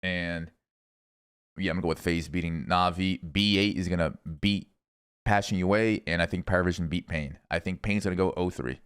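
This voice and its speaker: A young man streaming, casually rambling through esports predictions with lots of swearing and thinking out loud. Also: low voice, fairly even intonation, a little fast, clear, resonant tone. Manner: rambling, profane, thinking aloud.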